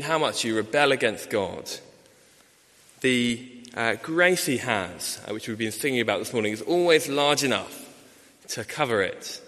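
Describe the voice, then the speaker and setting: A man preaching a sermon in a church, measured, with many "uh" fillers and rhetorical questions. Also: on the low side, fairly bright tone. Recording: long reverb of a large hall.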